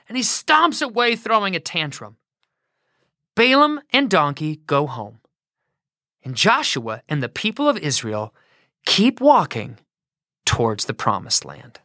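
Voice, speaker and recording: A woman telling a Bible story for children in an animated way, often asking her listeners questions. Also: a little high, no echo, clean studio sound.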